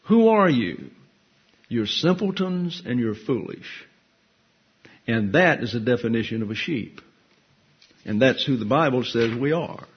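A man delivers a conversational sermon full of self-deprecating jokes. His voice is slightly husky and sits at a middle pitch. The recording sounds dull and lo-fi. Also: animated, unhurried, pauses often. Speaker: pastor teacher. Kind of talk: folksy sermon.

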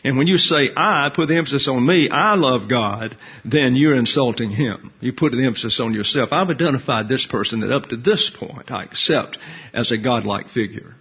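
A man's voice: mid-range voice, fairly quick, husky, muffled recording. A man teaching a Bible class in a conversational way, asking his listeners questions as he explains.

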